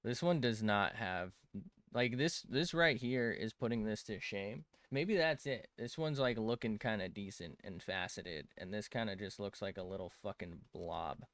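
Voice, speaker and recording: A man's voice: on the low side, moderate pace, a bit bright, no room sound. A young man streaming while he draws, rambling to chat, mocking himself and swearing often.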